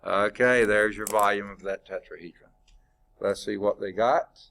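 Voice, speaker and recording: A man's voice: lowish voice, steady tone, moderate pace, vocal fry, a bit bright. A male math instructor lecturing a class, working problems aloud, quizzing students and chatting informally with asides.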